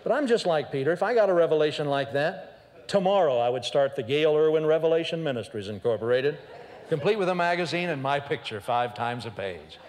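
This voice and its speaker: Preaching in church, a man tells funny stories with lots of animation, taking on the voices of the people in them. His voice is a little high and a little fast, with big-room sound.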